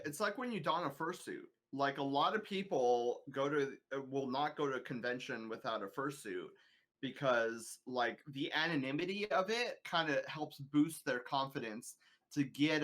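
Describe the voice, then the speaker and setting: A young man, a guest on a casual podcast recorded over a voice call, easygoing and quick to laugh. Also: mid-range voice, fairly bright tone. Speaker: guest streamer. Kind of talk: casual chat. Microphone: home mic over a voice call.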